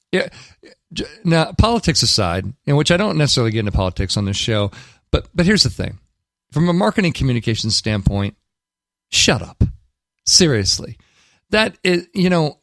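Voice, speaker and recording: In casual studio talk radio commentary, a male host delivers blunt, emphatic opinions and often restarts. He has a medium-pitched, fairly bright voice with vocal fry, and there's no echo.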